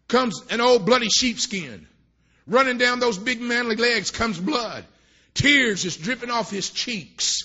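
High-voiced fervent preacher man. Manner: fervent, rising to shouts. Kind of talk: sermon. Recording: dull lo-fi sermon recording.

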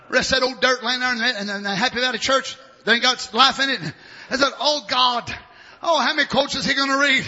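A man preaching an impassioned sermon, shouting and exclaiming glory and hallelujah. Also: extremely high pitch, fairly even intonation, fairly quick, lo-fi sound.

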